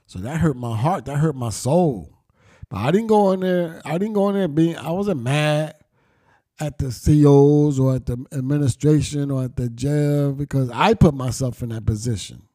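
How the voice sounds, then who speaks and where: A man's voice: a little high, dark tone, no echo, studio quality. A middle-aged man telling his life story candidly, blunt and profane, with street slang and reflective turns. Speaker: storyteller recounting his past.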